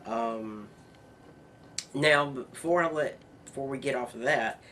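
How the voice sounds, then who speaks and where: Male vlog host, unhurried delivery, earnest and rambling, breaks into announcer hype. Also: mid-range voice, pushed and bright, slight background noise. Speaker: show host. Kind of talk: casual news vlog.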